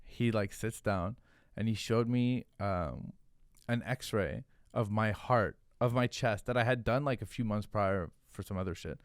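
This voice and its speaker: Low-voiced man telling a story, dry sound. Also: measured pace, dry recording. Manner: animated, profane, filler-heavy, "like" every few words. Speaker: podcast guest. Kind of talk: casual storytelling.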